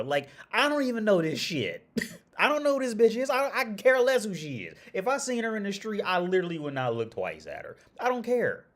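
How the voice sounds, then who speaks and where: Rambling, profane man chatting casually on stream. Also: a little high. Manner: rambling, profane, laughs often, many restarts. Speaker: livestream host. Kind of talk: casual livestream chat.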